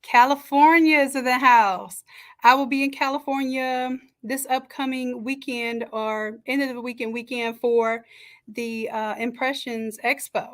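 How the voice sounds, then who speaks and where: A woman hosting a live stream from a home setup, chatting and greeting each viewer warmly by name. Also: fairly high pitch, fairly even intonation, a little slow. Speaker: livestream host and design coach. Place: home setup with makeshift camera stand. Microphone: camera on a stand.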